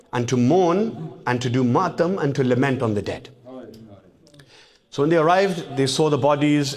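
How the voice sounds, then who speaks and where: A man preaching a sermon, retelling stories and rising to impassioned, high-pitched calls when he quotes. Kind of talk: sermon with dramatic storytelling.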